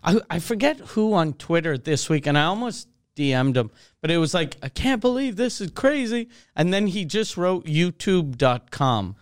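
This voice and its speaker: A man chats loosely with friends, with blunt reactions and plenty of swearing. His voice is smooth and a little high. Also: expressive, moderate pace, few pauses, no echo, studio quality. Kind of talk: casual chat.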